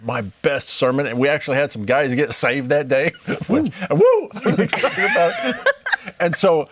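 A man's voice: fairly high pitch, normal speed, slight background noise. A man hosting a casual chat, telling a church story with laughter and acted-out quotes. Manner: lively, laughing, acts out quotes.

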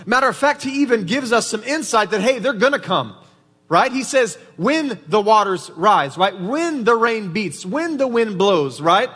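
Male pastor, higher register, casual sermon delivery in a reverberant church. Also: very animated, normal speed, fairly bright tone. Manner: conversational preaching, frequent "right?" tag questions. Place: church sanctuary. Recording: reverberant hall.

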